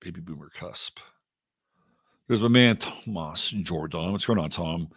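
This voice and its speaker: A man's voice: low voice, a little slow, husky, dry recording, studio quality. A middle-aged man from Texas hosting an astrology livestream, chatting loosely and greeting viewers by name. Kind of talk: casual livestream chat.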